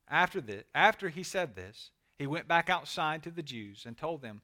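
Bright-voiced male pastor reading scripture. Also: on the high side, expressive, moderate pace, few pauses.

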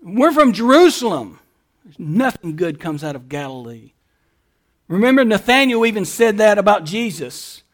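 A man's voice: high voice, lively intonation, normal speed. A man pastor preaching a sermon, building emphatic lists and rhetorical questions.

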